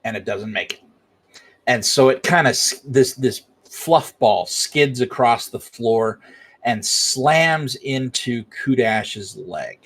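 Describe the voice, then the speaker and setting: Give me a man narrating as game master, unhurried and hesitant. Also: mid-range voice, fairly bright tone, breathy edge. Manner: hesitant, many fillers.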